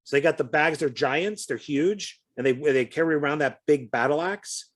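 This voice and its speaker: A man's voice: fairly high pitch, normal speed. Chatty, stumbling man co-host. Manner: chatty, hesitant, stumbles over words. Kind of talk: casual chat.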